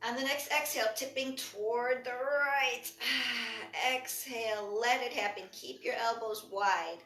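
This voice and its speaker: A woman instructor leading a breathwork and movement class with calm, short spoken cues paced to the breath. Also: a little high, measured pace. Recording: echoey room from far off.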